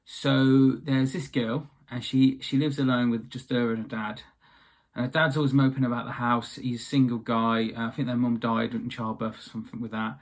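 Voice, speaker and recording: A man's voice: medium pitch, little pitch movement, moderate pace. A young man casually retelling a fairy tale, chatty and rambling with offhand asides.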